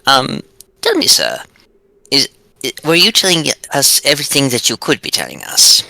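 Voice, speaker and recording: A man's voice: medium pitch, huge pitch swings, moderate pace, creaky, sharp tone, dry recording, heavily acted, low-quality recording. A man voicing a courteous, formal male adventurer who speaks with stiff politeness.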